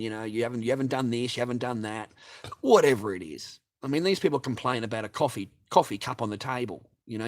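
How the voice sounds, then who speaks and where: A man with a daughter, ranting to his livestream audience in a profane, heated and mocking way. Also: mid-range voice. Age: adult with a child.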